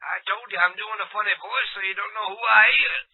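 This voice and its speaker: A man's voice: high voice, fairly even intonation, a little fast, husky. A man making a crude prank phone call, goading and teasing the person on the line. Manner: crude, goading, mock-innocent. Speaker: prank caller, radio host.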